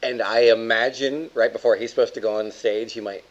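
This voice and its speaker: A man playing a tabletop game, narrating his character's scene in a steady, casual way. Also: mid-range voice, a little fast. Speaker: player. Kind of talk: casual tabletop role-play. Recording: dull lo-fi sound.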